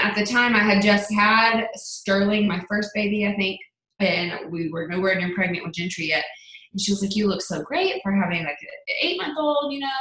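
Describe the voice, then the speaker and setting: A young adult woman giving a chatty motivational talk on a sales team call, telling stories with lively quoted asides. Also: medium pitch, echoey room, low-quality recording.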